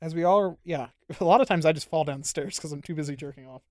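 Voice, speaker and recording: A man's voice: fairly high pitch, quick pace, darkish tone, no room sound, studio quality. A man hosting a podcast in casual, rambling chat, joking crudely with his co-hosts. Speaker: podcast host.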